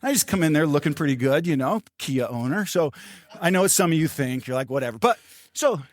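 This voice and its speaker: An older man preaching a sermon as pastor, telling a story with animated, acted-out quotes. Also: fairly high pitch, brisk.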